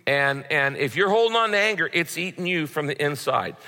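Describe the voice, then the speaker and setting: Man, pastor preaching, bright voice, fairly high pitch, long hall reverb. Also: animated, a little fast. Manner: conversational preaching with repetitions. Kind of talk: sermon.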